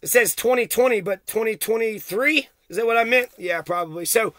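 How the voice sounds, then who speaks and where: A man's voice: high-pitched, brisk, a bit bright, dry recording. A man ranting into the camera for his vlog, heated and accusatory, swearing constantly. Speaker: vlogger. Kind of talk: profane angry rant to camera.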